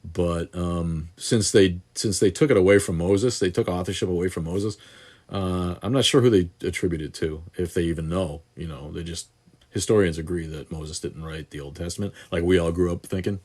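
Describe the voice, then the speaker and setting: This is a man in his sixties hosting a casual live Q&A stream. His voice sits low and deep. He rambles through viewer questions with frequent restarts and blunt swearing. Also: moderate pace, a little mellow, slightly rough. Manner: rambling and profane, many restarts and fillers. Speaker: host answering viewer questions. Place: home studio in southeast Wisconsin.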